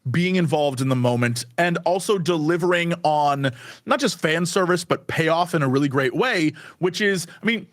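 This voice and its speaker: A man guesting on a podcast, chatting in an animated, excitable way and laughing often. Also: on the high side, moderate pace, no echo, studio quality. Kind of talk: casual podcast chat.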